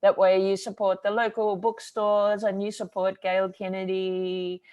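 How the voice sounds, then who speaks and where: A woman hosting an online arts talk, casual and halting with many fillers. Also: mid-range voice, flat delivery, darkish tone, clean tone, lo-fi sound. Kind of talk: casual live-stream hosting.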